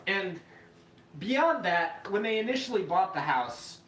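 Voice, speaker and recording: Bright, echoey man telling a story. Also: sits high, measured pace. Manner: profane, animated, acts out quoted voices. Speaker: podcast host. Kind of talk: casual storytelling. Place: live podcast room. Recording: echoey room, mic far off, faint noise.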